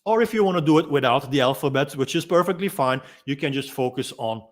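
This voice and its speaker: Gently and without hurry, a man teaches a freediving technique, his voice a bit high. He is a Dutch-speaking instructor by first language, and his explanation is dotted with pauses and small ums.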